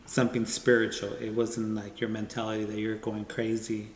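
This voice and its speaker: A man who talks as a spiritual medium, calmly explaining with many fillers in casual chat. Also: on the low side, normal speed, slight background noise. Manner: calm, explaining with many "you know"s. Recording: echoey room with long reverb.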